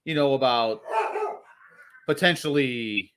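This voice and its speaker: A man's voice: mid-range voice, slow, background noise. A man co-hosting a casual movie podcast, talking in a rambling, jokey way. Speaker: podcast co-host.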